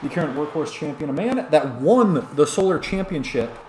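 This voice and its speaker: A man's voice: fairly high pitch, animated, normal speed, darkish tone, roomy sound, a little hiss or hum. A tipsy man streaming and giving rambling play-by-play commentary on a wrestling video game, chatting back to his viewers.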